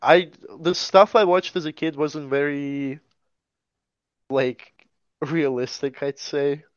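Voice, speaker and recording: A man's voice: a little high, fairly even intonation, takes it slowly, smooth, no echo, lo-fi sound. A young man from Tajikistan, answering interview questions in a laid-back, rambling way with lots of fillers. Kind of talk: casual interview chat.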